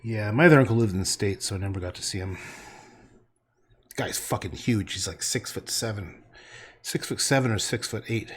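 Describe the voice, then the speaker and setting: A man's voice: fairly low pitch, brisk, long pauses, slight background noise. A man livestreaming while he paints, chatting casually in a joking, rambling way with frequent swearing. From Canada.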